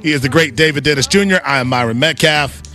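A man's voice: a little high, quick pace, pushed and bright, soft background music. A man hosting a sports talk radio show, chatting casually with a co-host, often restarting his sentences. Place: radio studio. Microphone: studio microphone.

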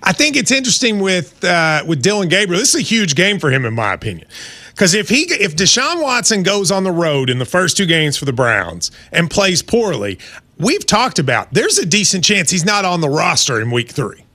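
A man hosting a sports talk show, his voice a touch high, bright and lively. He asks quick questions, teases his co-host and moves the talk along from game to game. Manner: teasing, quick questions, steers the segments.

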